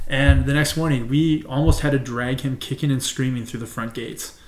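Casual podcast co-host: quick Canadian man, rambling and profane, echoey room. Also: mid-range voice, fairly even intonation. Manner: rambling, profane anecdote telling. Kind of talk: casual storytelling. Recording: roomy echo.

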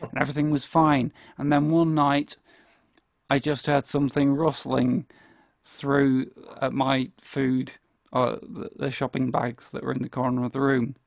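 A man co-hosting a podcast, telling an anecdote in a lively way and laughing often. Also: medium pitch, measured pace, vocal fry, no room sound, studio quality. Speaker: podcast co-host. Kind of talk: casual chat, storytelling.

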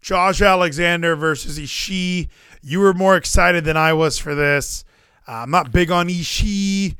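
A man in his thirties co-hosting a casual wrestling podcast, excitable and given to acting out commentators and wrestlers. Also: high voice, a little slow, smooth, no room sound, clean studio sound. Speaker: podcast co-host.

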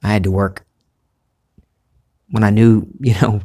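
Brief: man, mild Southern accent, lowish voice, musing spiritual vlogger, unhurried. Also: level tone, warm tone. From Southern United States. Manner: musing, unhurried, restarts phrases, laughs easily. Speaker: spiritual vlogger, former reporter. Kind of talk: reflective spiritual monologue.

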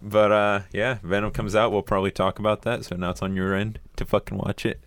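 A man's voice: fairly low pitch, little pitch movement, a little fast, a bit bright, no room sound. A man co-hosting a podcast, laid-back and casually swearing as he wraps up the episode. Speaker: podcast co-host. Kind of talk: casual chat.

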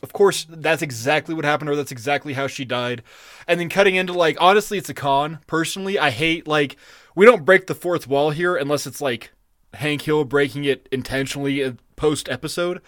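A man co-hosting a podcast, chatting casually about a cartoon, animated and profane with frequent laughs. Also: a little high, fairly quick, no room sound, studio quality. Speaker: podcast co-host. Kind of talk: casual chat reviewing a cartoon episode.

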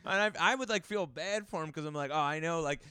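A man's voice: on the high side, fast talker, pushed and bright. A man with a New Jersey accent, a comedian guest on a podcast, who chats in a laid-back way and laughs often. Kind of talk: casual chat.

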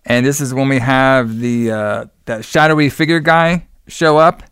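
A young man chats casually on a podcast, recapping a film scene by scene and slipping into the characters' voices as he goes. His voice sounds smooth and clear. The room sounds dry and close. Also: mid-range voice, measured pace, no room sound. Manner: animated storytelling, acts out characters' lines. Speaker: podcast co-host recapping a movie. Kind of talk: casual chat.

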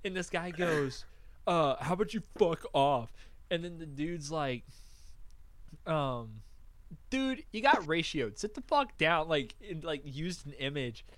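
Animated, swearing young man telling stories. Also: fairly high pitch, unhurried, dry recording. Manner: animated storyteller, swears freely, acts out quotes. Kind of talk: casual chat.

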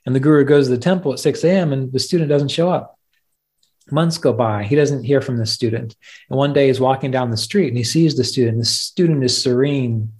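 A man's voice: mid-range voice, darkish tone. A man hosting a podcast, teaching meditation in a reflective, conversational way and telling stories with plain fillers. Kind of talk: spoken teaching talk.

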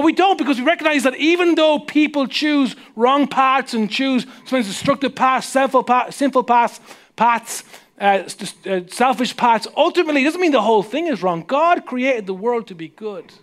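Male Irish preacher, very high register, chatty sermon delivery with hushed emphasis. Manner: conversational, asks the audience questions; slows down and drops to a hush for emphasis. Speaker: pastor.

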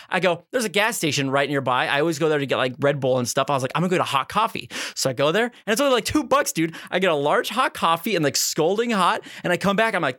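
A man's voice: fairly high pitch, fast talker, few pauses, dry recording, studio quality. A young man co-hosting a podcast, telling a rambling comic story with lots of swearing, filler words and acted-out quotes. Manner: animated, profane, acts out quotes, many "like" fillers. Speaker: podcast co-host. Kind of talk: casual comedic storytelling.

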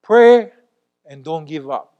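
A man preaching a sermon as a church elder, talking emphatically and swinging between loud exclamations and quiet asides. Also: a little high, lively intonation, slow pace, muffled recording.

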